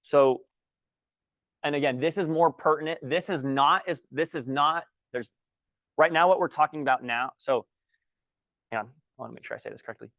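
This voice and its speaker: A man's voice: fairly high pitch, gravelly, a bit bright. A man leading a training workshop, a little out of breath. He keeps restarting his sentences and talks while writing on a board. The sound is dry, with no room echo. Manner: halting, restarts sentences often; writes on a board while talking. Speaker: guest trainer. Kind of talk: teaching a workshop.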